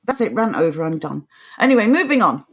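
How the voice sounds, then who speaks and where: A woman's voice: mid-range voice, sing-song, a little fast, breathy edge. A woman co-hosting a live political talk show, speaking with an impassioned, ranting delivery. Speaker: co-host.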